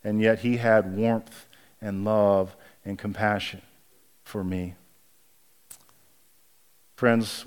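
A pastor in his forties preaching a sermon, speaking hushed and halting through a painful memory, then rising and emphatic as he preaches. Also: lowish voice, level tone, clear, resonant tone. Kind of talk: sermon with personal storytelling.

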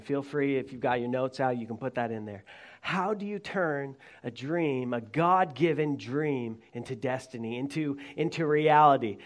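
A man preaching a sermon to his congregation, talking conversationally and joking with them. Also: medium pitch. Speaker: pastor. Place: church.

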